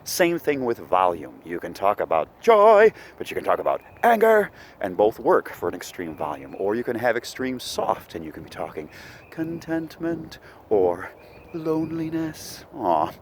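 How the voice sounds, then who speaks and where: Animated low-voiced male music teacher. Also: a little fast, few pauses, slight background noise. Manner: animated, sings short examples to demonstrate. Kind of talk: online music lesson.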